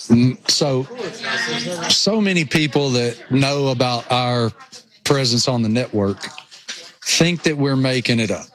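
A man's voice: medium pitch, unhurried, a crowd in the background. A man with a rural Appalachian accent, co-hosting a casual sports talk show remotely and joking about himself. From Tennessee. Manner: jokey, self-mocking. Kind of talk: casual radio show banter. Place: remote link over satellite internet.

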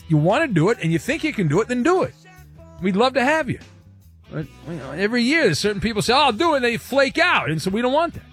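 Brief: male talk radio host, brash joker, high voice, faint music behind. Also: a bit bright. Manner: brash, joking, quick asides. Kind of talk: casual radio talk show banter.

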